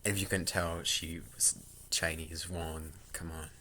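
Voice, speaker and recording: A man's voice: low-pitched, little pitch movement, measured pace, pushed and bright, slight background noise. A man vlogging at home into a laptop mic, rambling in casual chat with jokey asides and self-interruptions.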